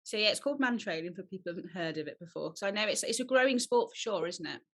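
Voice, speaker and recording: A woman's voice: medium pitch, animated, racing, a bit bright. A woman hosting an interview about dog training in an upbeat way, laughing often. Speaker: host.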